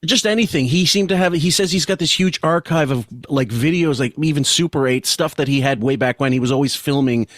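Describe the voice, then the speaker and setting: A man's voice: a little high, a little fast, hardly any pauses, dry recording, studio quality. Brief: male podcast interviewer, casual, rambling questions.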